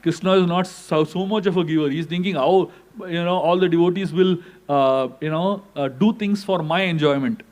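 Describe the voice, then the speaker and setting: A man tells sacred stories in a scripture class. His delivery is animated and he acts out the dialogue. His voice sits a little higher than most men's. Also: moderate pace, few pauses. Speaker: spiritual teacher.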